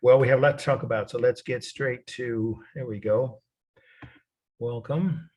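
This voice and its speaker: A man's voice: medium pitch, fairly even intonation, normal speed, darkish tone. A middle-aged man teaching a college art history lecture, rambling and correcting himself as he goes, spelling names out letter by letter.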